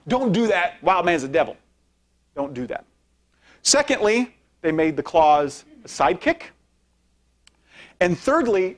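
A man giving an informal lecture with slides as a guest speaker. He talks conversationally, often tags sentences with "right?" and asks for the next slide as he goes. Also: a little high. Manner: conversational, frequent tag questions; directs slide changes while speaking. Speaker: guest speaker, philosophy professor.

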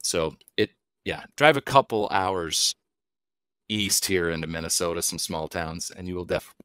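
A man's voice: low voice, measured pace, a bit bright, clear, resonant tone, dry recording. A middle-aged man, a wild game chef, talking casually as a podcast guest, an easygoing storyteller who asks and answers his own questions.

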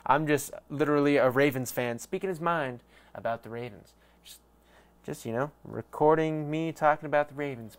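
A man's voice: mid-range voice, moderate pace. A man hosting his own fan podcast, rambling through a casual solo sports rant with swearing and self-mocking asides.

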